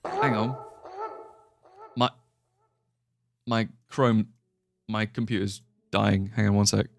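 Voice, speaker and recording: A man's voice: fairly low pitch, fairly even intonation, slow, creaky, noisy background. A man streaming a game, chatting casually and greeting his viewers. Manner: chatty, reacts to and greets chat. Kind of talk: casual live-stream chat.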